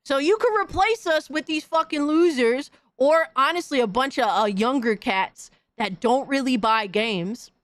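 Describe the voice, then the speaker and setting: A woman's voice: high-pitched, unhurried, few pauses, no echo. A woman hosting a podcast, delivering a heated, profane, slang-filled rant in casual commentary. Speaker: podcast host.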